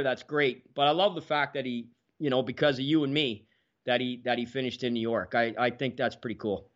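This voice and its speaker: A man, a podcast guest telling stories in a lively way and acting out the dialogue. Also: mid-range voice. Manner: animated, acts out quoted dialogue. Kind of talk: casual storytelling. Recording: dull lo-fi sound.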